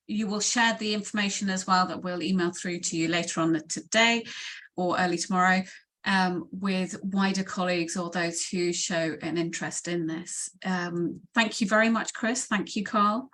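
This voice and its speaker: Woman running a webinar q&a on a video call, polite, says thank you a lot, mid pitch. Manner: polite, warmly thanking, slightly rambling. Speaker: webinar host. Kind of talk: hosting a webinar Q&A.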